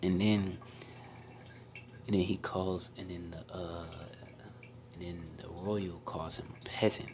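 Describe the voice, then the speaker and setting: Young man, very low voice, hushed rambling fan storyteller, faint background hiss. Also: level tone, slow, long pauses. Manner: hushed, often half-whispered, rambling with many restarts and fillers. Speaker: anime storyteller. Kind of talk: casual fan-story retelling.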